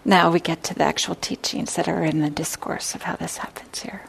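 A woman giving a dharma talk, telling a Buddhist story in a measured way and explaining its terms as she goes. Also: deep voice, steady tone, gravelly, slightly rough, whispered, poor audio. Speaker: Buddhist teacher.

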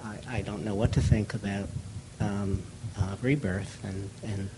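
A man's voice: fairly low pitch, steady tone, a little slow, heavy background noise. A man in the audience sharing his thoughts in a group discussion, hesitant and searching for words. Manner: hesitant, full of fillers and restarts. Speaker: audience member.

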